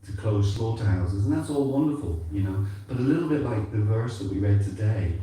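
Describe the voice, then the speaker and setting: A man's voice: fairly low pitch, lively intonation, brisk, mellow, a little hiss or hum. A man from England with an accent mixing English and Irish, giving a conversational sermon full of "you know" asides. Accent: mixed English and Irish. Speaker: temple speaker. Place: temple hall. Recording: echoey hall from a distance.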